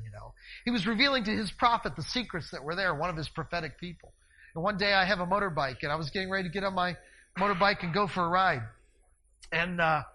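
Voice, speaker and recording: A male minister preaching a sermon, telling a personal story in an animated way and swinging between loud and hushed delivery. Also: sits high, rough recording. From northeast Ohio, US.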